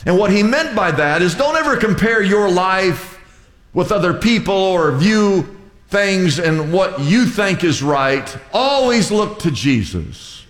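An older pastor delivers a sermon, hammering his points through repetition and building to raised exhortations. His voice sits high and swings widely in pitch. The sound rings with the long echo of a church hall. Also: very animated, slow pace. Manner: emphatic, repetitive exhortation with rising shouts. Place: church sanctuary. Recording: echoey hall.

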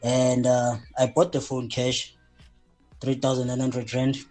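A man's voice: mid-range voice, completely flat delivery, measured pace, darkish tone, soft background music. Rambling man telling a story. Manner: rambling with many fillers. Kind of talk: casual storytelling.

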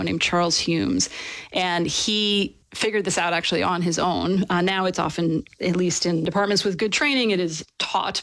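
A woman being interviewed as an author, explaining and telling stories in a lively, casual way with fillers. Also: lowish voice, dry recording. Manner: animated, storytelling with fillers and laughs.

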